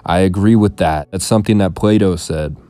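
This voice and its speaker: A man hosting a commentary channel, reading viewer comments aloud and answering them in a dry, deadpan way. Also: low voice, fairly quick, dry recording, soft background music. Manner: deadpan, dry monotone delivery. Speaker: YouTube commentary host.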